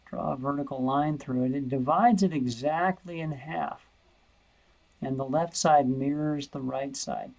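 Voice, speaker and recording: A man's voice: mid-range voice, measured pace, creaky, darkish tone, rough recording. A man teaching a math lesson over a screen recording, thinking aloud and repeating words as he searches.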